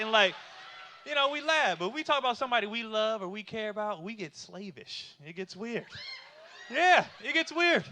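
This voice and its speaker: Male stand-up comic in his thirties: loose, chatty delivery with lots of fillers and rhetorical questions, high, very bright voice. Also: sing-song, a little fast. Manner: loose and conversational with many fillers; asks the audience rhetorical questions. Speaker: stand-up comedian. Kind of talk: stand-up comedy.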